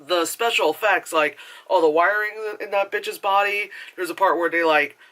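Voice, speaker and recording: A man's voice: high-pitched, moderate pace, pushed and bright. A man reviewing a movie in a casual, rambling rant, swearing freely and using lots of filler words. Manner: rambling, profane and chatty, full of filler words; acts out characters' lines in exaggerated voices.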